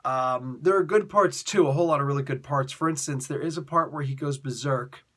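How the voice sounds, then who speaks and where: A man's voice: fairly high pitch, a little fast, fairly bright tone. A man giving a casual, rambling comic book review, full of fillers, restarts and exasperated asides.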